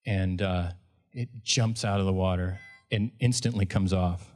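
A man's voice: sits low, fairly even intonation, a little slow, a little mellow. A man, a fishing guide, telling a story at a live event in a conversational way, often restarting and correcting himself.

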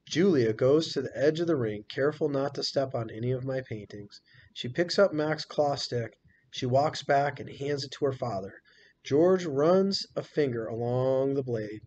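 A male teacher reading a novel aloud in a steady, unhurried storytelling manner, in a dull lo-fi recording. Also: mid-range voice, a little hiss or hum.

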